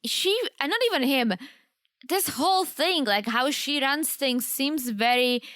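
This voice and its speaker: A woman's voice: sits high, a little slow, a bit bright, dry recording, clean studio sound. A woman in her thirties from the Czech Republic, whose first language is Czech, co-hosting a casual podcast chat with enthusiasm. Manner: enthusiastic, chatty. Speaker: podcast co-host.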